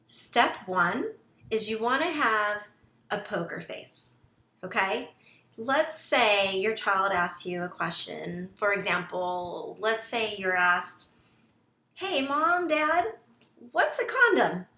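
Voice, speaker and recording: A woman with a bright, forceful voice guides parents through a talk in an encouraging tone. She keeps checking in with the listener as she goes, and her words ring out in a roomy, echoey space. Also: medium pitch, slow. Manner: encouraging, checks in often with "okay?". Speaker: parent educator. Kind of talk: instructional talk to camera.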